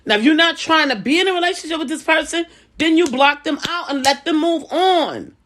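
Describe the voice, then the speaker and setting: Here a woman gives life advice in a casual vlog, conversational yet preachy, with lots of repeated phrases. Her voice sits high and sounds fairly bright and expressive, and she keeps a brisk pace.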